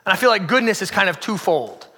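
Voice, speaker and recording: A male pastor preaching with a high, bright voice. He moves from energetic, emphatic bursts to soft, hushed lines, with long reverb from a hall around him. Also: fast talker. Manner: dramatic swings from loud emphasis to hushed near-whisper. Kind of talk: sermon.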